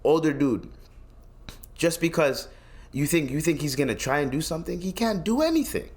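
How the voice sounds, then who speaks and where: A man's voice: a little high, animated, normal speed, a little mellow. A young man from Canada hosting his own podcast, ranting bluntly and profanely in casual solo commentary, often restarting his sentences. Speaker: podcast host.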